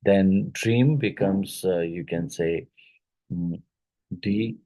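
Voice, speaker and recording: In this exam-prep phonetics lecture, a man with an Indian English accent speaks with a low, dark voice over poor audio. He hesitates a lot, uses many fillers, and slowly repeats words to show how they sound.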